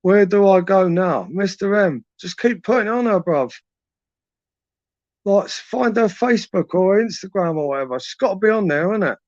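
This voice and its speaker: Young male streamer, crude laddish late-night banter, a bit high-pitched, dull lo-fi mic sound. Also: animated, normal speed, darkish tone, no echo. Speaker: livestream host reading chat. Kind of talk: late-night live chat.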